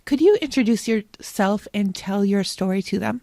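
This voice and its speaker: A woman's voice: medium pitch, normal speed, creaky, dark tone, no echo. Effusive woman podcast host. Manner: effusive, enthusiastic. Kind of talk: interview introduction.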